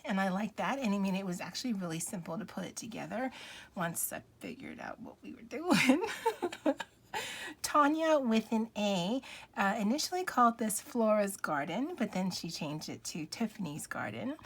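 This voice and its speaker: A woman's voice: medium pitch, slightly rough. Chatty, giggly woman vlogger. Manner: chatty, giggly, self-deprecating. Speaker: planner vlogger. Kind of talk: casual chat to camera.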